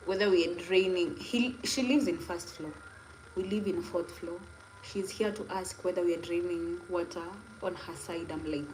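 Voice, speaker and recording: A young Kenyan woman with a fairly low voice chats loosely on a phone livestream, rambling from one story to the next with a Kenyan accent. Her voice rings in an echoey room, with faint noise underneath. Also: darkish tone. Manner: chatty, rambling, laughing asides. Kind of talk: casual live stream chat.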